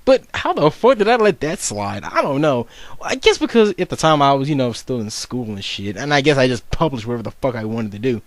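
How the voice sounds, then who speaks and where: A man's voice: medium pitch, sing-song, brisk, no room sound. A young man giving casual unscripted video commentary, rambling and swearing, with frequent stumbles and restarts as he mocks himself.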